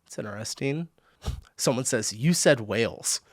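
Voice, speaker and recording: A man's voice: medium pitch, lively intonation, moderate pace, no room sound. An American man hosting a reaction video, chatting casually, thinking aloud and often laughing between comments.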